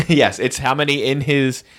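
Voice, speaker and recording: A man's voice: mid-range voice, unhurried, a bit bright. A man hosting a casual movie commentary podcast, joking and laughing often. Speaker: podcast host.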